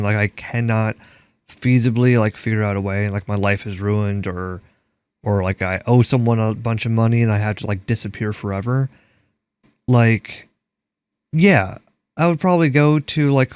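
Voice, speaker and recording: A young man from Minnesota rambles through casual chat as he games, leaning on "like" constantly. His voice sits at a middling pitch, recorded close and dry with no room sound. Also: a little mellow, clean tone, no echo. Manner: rambling, heavy use of "like". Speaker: gaming streamer. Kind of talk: casual chat while gaming.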